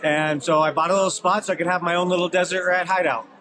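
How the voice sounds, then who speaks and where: A man vendor chatting casually at an expo booth, relaxed with many fillers. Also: high-pitched, fast. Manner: relaxed, listing things with fillers. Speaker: mushroom farmer vendor. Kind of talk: casual interview. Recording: loud crowd behind.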